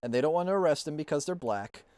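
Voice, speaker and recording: A man co-hosting a casual stream chat, joking around and breaking into loud outbursts and laughter. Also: on the high side, animated, quick pace, dry recording. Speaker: stream co-host.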